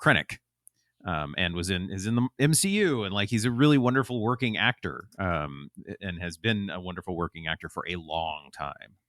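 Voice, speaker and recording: A man's voice: deep voice, expressive, moderate pace, fairly bright tone, no room sound, clean studio sound. A man chatting as a podcast guest, rambling with lots of ums and restarts. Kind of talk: casual chat.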